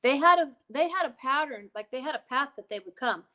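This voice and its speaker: A woman with a fairly high voice talks casually as a guest, wandering off into asides and coming back to press her point. Her delivery is emphatic and conversational. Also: expressive, fairly quick, pushed and bright, dull audio. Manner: digressive, emphatic, many asides. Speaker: podcast guest.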